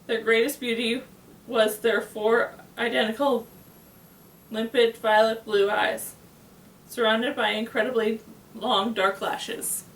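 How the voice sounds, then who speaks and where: A woman with a fairly high voice reads a novel aloud, steady and unhurried, now and then tripping and restarting a word. She sits some way from the mic in an echoey room. A faint hiss runs underneath. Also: recorded from a distance. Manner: plain, steady read-aloud with small slips and restarts. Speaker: reader.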